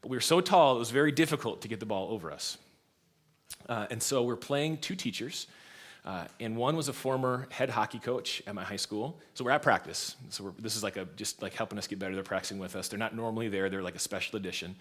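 The lowish voice of a man in his thirties moves at a quick pace as he preaches in church. He is a pastor who tells stories, laughs frequently, and varies his loudness with energy.

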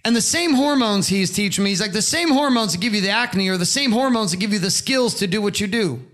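Brief: middle-aged male motivational speaker, emphatic and preachy, high pitch, bright tone. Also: lively intonation, fast talker. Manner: preachy, emphatic, swears freely. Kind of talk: impassioned motivational monologue.

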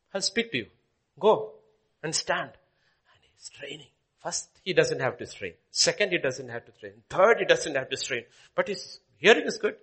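A man preaching a sermon, swinging from loud declaiming to hushed whispers. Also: a little high, husky.

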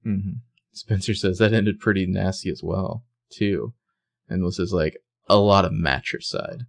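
A man with a very low, gravelly voice chats casually as a podcast co-host. He reads out bits of dialogue plainly, without putting on voices. The sound is close and dry. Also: steady tone, normal speed, dry recording. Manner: conversational, reads out quotes in a plain voice. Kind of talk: casual recap chat.

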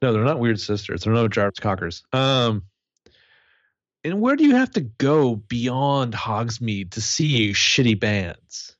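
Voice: medium pitch, a little slow, dry recording, highs cut off. A podcast co-host talking casually and sarcastically. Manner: sarcastic, animated. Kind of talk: casual chat.

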